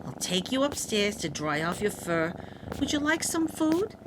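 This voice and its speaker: Woman reading as a gentle, lonely old lady. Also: mid-range voice, big pitch swings, unhurried, noisy background. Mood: comforting. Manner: gentle, soft-spoken, comforting. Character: kind, lonely old woman sharing her home. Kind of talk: read-aloud storybook voice.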